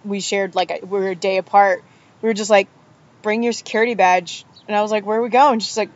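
A woman chatting casually as a podcast guest, telling animated stories and acting out what others said. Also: medium pitch. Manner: animated storyteller, acts out quotes. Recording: dull lo-fi audio.

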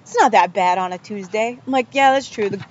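A woman chatting casually as a podcast guest, telling animated stories and acting out what others said. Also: mid-range voice, a little fast. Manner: animated storyteller, acts out quotes. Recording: dull lo-fi audio.

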